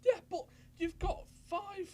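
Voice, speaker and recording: A man's voice: extremely high pitch, steady tone, slow pace, mellow. A man co-hosting a wrestling podcast, laughing as he retells stories. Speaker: podcast co-host. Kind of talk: casual wrestling chat.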